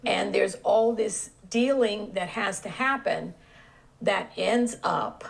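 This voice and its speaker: A woman in a casual debate, speaking in a plainspoken, deliberate way. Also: mid-range voice, creaky, rough recording. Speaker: debate panelist.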